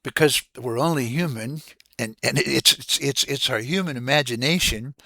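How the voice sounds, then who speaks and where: A man giving an earnest, casual devotional talk, halting and restarting as he repeats words. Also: mid-range voice, vocal fry, pushed and bright, dry recording. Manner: earnest, preacherly. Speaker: host of a Christian devotional channel.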